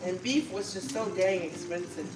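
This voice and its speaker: A woman's voice: on the low side, moderate pace, over loud music, poor audio. A middle-aged woman hosting a live cooking stream from her home kitchen, chatting casually with viewers as she cooks.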